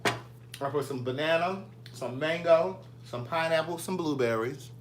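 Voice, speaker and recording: A man's voice: fairly high pitch, a little slow, noisy background. A man, chatting casually from his home kitchen as a vlogger, playfully answering viewer comments. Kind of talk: casual live chat with viewers.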